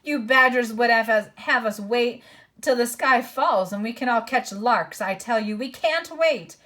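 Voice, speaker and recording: A woman's voice: on the high side, a little slow, bright, forceful tone, pitched above the performer's own voice. A woman voicing a surly, quarrelsome male dwarf who snarls and sneers. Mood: snarling.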